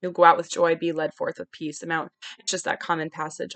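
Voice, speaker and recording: A woman's voice: deep voice, level tone, fairly quick, hardly any pauses, fairly bright tone, no echo. A woman in her forties hosting a podcast, candidly thinking aloud in a searching, wry monologue. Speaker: podcast host. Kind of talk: personal reflective monologue.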